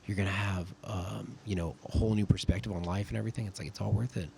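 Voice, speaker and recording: A man's voice: fairly low pitch, fairly even intonation, quick pace, vocal fry, darkish tone, a little hiss or hum. A young man in his twenties from California, a podcast guest and army sergeant telling casual, rambling stories full of "like.". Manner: rambling, filler-heavy with frequent "like". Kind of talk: casual storytelling.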